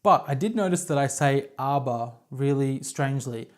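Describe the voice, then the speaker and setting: A woman's voice: extremely low pitch, expressive, normal speed, a little mellow. Chatty Australian woman, self-deprecating host. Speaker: knitting podcast host. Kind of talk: casual chat to camera. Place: home, on her couch.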